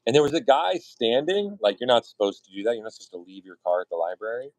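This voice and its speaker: A man streaming his art while telling casual, profane stories, often jumping into high mock voices and bits of song. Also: very animated, fast, no echo, rough recording. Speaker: artist streaming his work. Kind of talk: casual storytelling chat.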